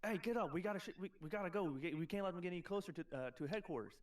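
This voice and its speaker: A man voicing a male enemy soldier who urgently shouts orders at his sleeping comrades. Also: sits high, racing, pitched above the performer's own voice, close to an everyday voice. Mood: urgent shouting.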